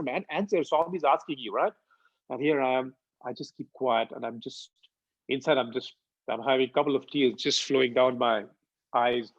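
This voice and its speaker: A man's voice: medium pitch, dry recording, muffled recording. A man from India giving a devotional talk, telling a personal story earnestly and acting out its dialogue. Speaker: satsang speaker.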